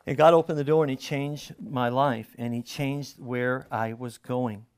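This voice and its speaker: A middle-aged male pastor giving an earnest, conversational sermon, swinging between loud bursts and hushed asides. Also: medium pitch, steady tone, a little slow, clear, resonant tone.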